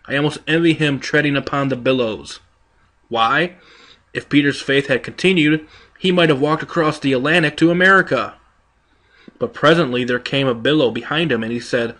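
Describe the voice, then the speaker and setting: A man's voice: fairly high pitch, fairly quick, fairly bright tone. A man reading a sermon aloud in an emphatic, rhetorical manner, building long lists and voicing quoted speakers. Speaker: preacher.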